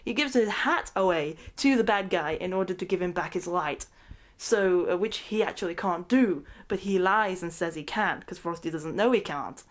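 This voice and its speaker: Excitable rambling woman. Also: lowish voice, moderate pace. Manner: rambling, excitable, laughs often mid-sentence. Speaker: movie reviewer. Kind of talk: ranting movie recap.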